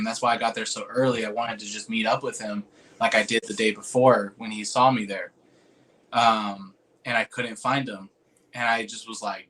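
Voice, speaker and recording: He has a lowish voice that's bright and forceful. Telling a personal story, he rambles casually with lots of "like" and "dude" and free cursing, turning earnest and emotional at moving moments.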